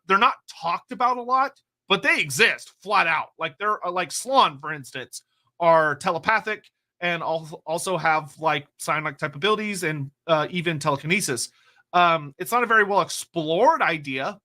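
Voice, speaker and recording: A man's voice: sits high, pushed and bright. A man hosting a casual stream, reading out viewer questions in a loose, rambling way with casual swearing. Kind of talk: casual livestream chat.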